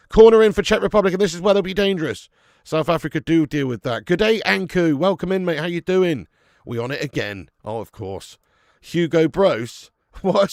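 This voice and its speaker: A man's voice: fairly high pitch, vocal fry, dry recording, studio quality. A man with a chatty, sweary manner hosting a live football watch-along, greeting viewers in the chat as he commentates.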